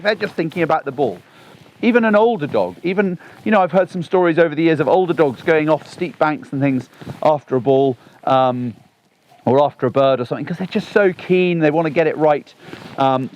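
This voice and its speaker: A man, talking through a gun dog training session outdoors on a lawn, chatty and animated. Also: fairly high pitch, dull audio. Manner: chatty and animated, bursts into excited exclamations.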